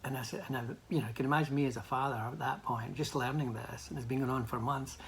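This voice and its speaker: A man's voice: medium pitch, steady tone, fast talker, a bit bright, slight background noise. An older man giving a motivational training talk, telling a personal story in a hesitant, anecdotal way with many restarts.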